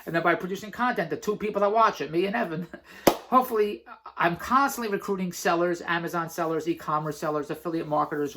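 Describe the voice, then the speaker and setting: A man's voice: on the high side, a bit bright. A man vlogging a casual motivational monologue, rambling and emphatic, laughing often between phrases. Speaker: vlogger and entrepreneur.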